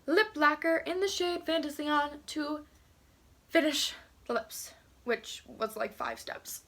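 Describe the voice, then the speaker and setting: A beauty vlogger with a notably high, expressive voice walks viewers through her makeup at a measured pace. She chats casually while applying it, gently poking fun at herself.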